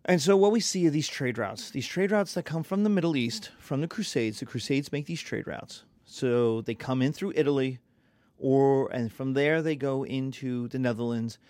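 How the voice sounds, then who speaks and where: Man giving a lively history lecture. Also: mid-range voice, normal speed, no room sound. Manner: lively, conversational, acts out little voices.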